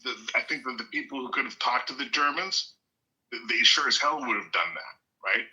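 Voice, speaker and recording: A man in a heated live-chat debate, halting and repeating words as he argues. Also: medium pitch, pushed and bright, rough recording. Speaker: foreign guest in a live audio chat.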